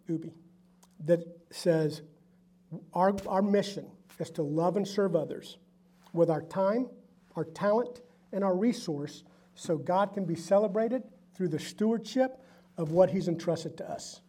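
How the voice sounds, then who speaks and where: A middle-aged man, a company founder telling his faith story to a group and acting out the voices in it. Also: high voice. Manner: animated storyteller acting out dialogue. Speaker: company founder sharing testimony. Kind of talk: storytelling talk to a live group.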